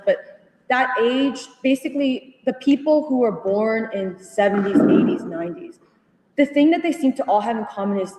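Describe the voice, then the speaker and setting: A young woman retelling a conversation to a study group, animated and full of fillers, laughing as she goes. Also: fairly high pitch. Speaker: union member sharing at a study group. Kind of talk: casual storytelling in a group discussion. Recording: echoey hall, voice from far off.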